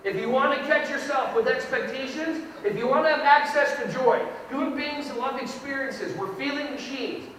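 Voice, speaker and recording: A man with a very high, bright voice delivers a playful, animated keynote to an audience. He keeps acting out little scenes as he talks. The sound is echoey, with a long hall reverb, picked up from far off the mic with faint noise underneath. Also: moderate pace, hardly any pauses. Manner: playful, animated, acts out kids and parents. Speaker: keynote speaker. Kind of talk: lively educational keynote.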